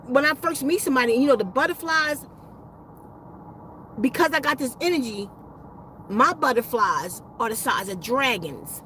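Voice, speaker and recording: A woman's voice: sits high, a bit bright, slight background noise, low-quality recording. A woman who hosts a spiritual healing channel, telling a rambling, profane story in a casual livestream chat. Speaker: spiritual healer and channel host.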